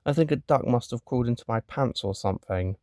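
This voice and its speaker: A man's voice: mid-range voice, lively intonation, fast talker, mellow, no echo, clean studio sound, natural voice. A man voicing a young boy who pleads his innocence in a comic strip. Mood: whiny. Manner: whiny, pleading excuses. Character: flustered young boy caught farting.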